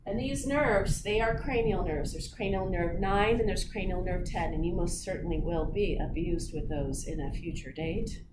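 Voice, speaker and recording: A woman lecturing on physiology to a live class, playful and teasing her students. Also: medium pitch. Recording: room recording with steady background noise.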